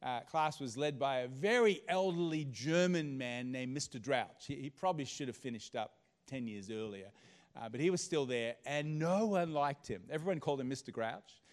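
A man, a pastor telling a personal story in a sermon, swinging from hushed to loud. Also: medium pitch, normal speed. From Australia.

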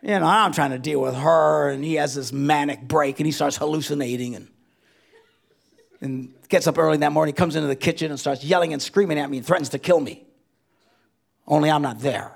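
A middle-aged male pastor preaches a humorous sermon full of comic stories, swinging between loud bursts and hushed asides. His voice is fairly high with vocal fry, and he talks a little fast.

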